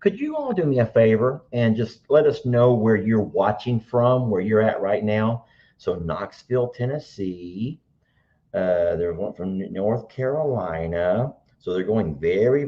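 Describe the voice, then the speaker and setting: A middle-aged man with a drawl hosts a casual live stream, his voice sitting low. He chats easily and coaxes answers out of people like a patient teacher. The sound is dull and lo-fi. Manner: chatty, teacherly, coaxing. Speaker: livestream host.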